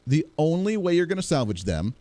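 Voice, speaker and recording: A man's voice: fairly high pitch, sing-song, fairly quick, mellow, no room sound. Blunt, combative male talk-radio host. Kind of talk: political talk radio monologue.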